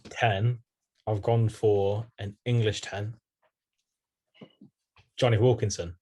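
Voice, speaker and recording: A young man co-hosting a podcast, dry and brisk, keeping the chat moving with short deadpan replies. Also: fairly low pitch. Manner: dry, brisk, moves things along. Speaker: podcast co-host. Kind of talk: casual banter.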